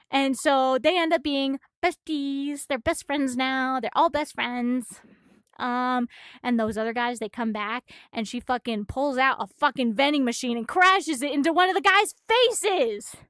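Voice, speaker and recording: A woman streaming a casual manga recap, excitable and swearing freely, a little out of breath. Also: high voice, unhurried, dry recording.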